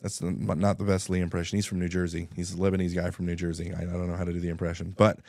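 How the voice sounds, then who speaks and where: A man's voice: low voice, level tone, racing, a little mellow, no echo, clean studio sound. A man, a radio guest, telling a story in casual talk and acting out both sides of phone calls.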